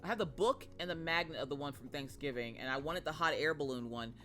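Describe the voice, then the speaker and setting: A woman's voice: low voice, fast, a bit bright, faint music behind. A woman hosting a live stream in casual chat, greeting viewers and laughing often. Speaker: streamer host.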